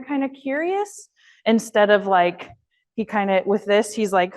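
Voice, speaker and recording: A woman dog trainer leading an online class, explaining steps and praising her dog in a high, happy voice between instructions. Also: normal speed, darkish tone.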